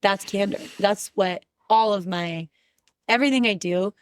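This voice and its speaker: A woman's voice: mid-range voice, moderate pace, clean tone, dry recording, clean studio sound. A woman guest on a podcast who speaks candidly and with emphasis, sharing her views in casual conversation. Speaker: podcast guest, relationship expert.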